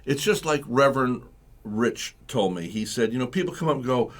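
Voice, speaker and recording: Rambling, animated male radio host. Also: medium pitch, normal speed. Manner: rambling, animated storytelling with acted-out quotes. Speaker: radio talk show host. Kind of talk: live morning radio talk.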